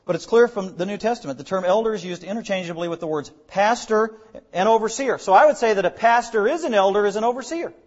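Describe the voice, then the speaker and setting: High-voiced pastor teaching a sermon. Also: male voice, fast talker, darkish tone, highs cut off. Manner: explanatory teaching, emphatic repetition.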